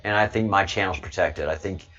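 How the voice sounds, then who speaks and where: A man's voice: low-pitched, brisk, a bit bright, muffled recording. A man hosting a casual livestream, rambling to his chat and stammering over repeated words with frequent chuckles. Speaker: livestream host reading chat.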